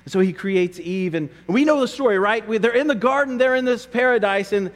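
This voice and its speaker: A man's voice: high voice, brisk, in a large hall. A man preaching a sermon as pastor, earnest and conversational, often repeating his words as he goes.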